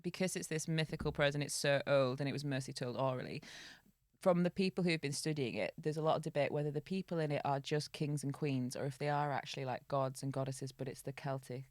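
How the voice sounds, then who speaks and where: A woman's voice: low voice, steady tone, quick pace, a little mellow, no echo, clean studio sound. A woman co-hosting a podcast, chatting casually, laughing often and stumbling over hard names while retelling an old tale. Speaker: podcast co-host. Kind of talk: casual chat and storytelling.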